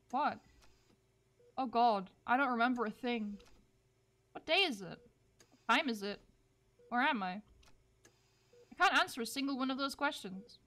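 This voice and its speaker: A woman's voice: fairly high pitch, a bit bright. A woman reading the lines of a confused young hospital patient with no memory, in a bewildered, questioning way, from a visual novel.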